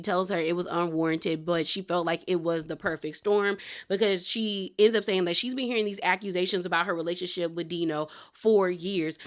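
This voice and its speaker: A woman's voice: mid-range voice, fairly bright tone. A woman casually recapping a reality show episode, animatedly retelling who said what and laughing often.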